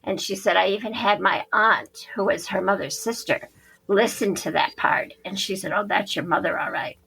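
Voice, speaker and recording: A woman's voice: medium pitch, moderate pace, creaky, bright, forceful tone, rough recording. A woman psychic medium, a podcast guest, telling a story animatedly and acting out the quoted dialogue.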